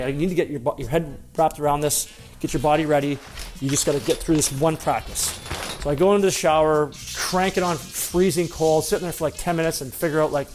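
A man's voice: a little high, a little mellow. A former hockey player telling a personal story in a casual, conversational way, acting out the dialogue as he goes.

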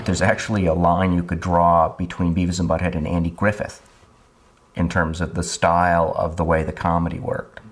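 A man, a writer, speaking in a measured, reflective way in a documentary interview. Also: low voice, level tone.

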